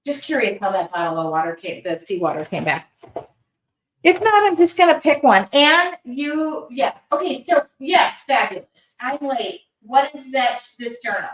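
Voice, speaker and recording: Animated and a bit bright, a woman's high voice moves at a moderate pace as she paints during a live art demo she's hosting. She chats casually and reads viewer comments aloud, recorded from a distance with roomy, off-mic sound.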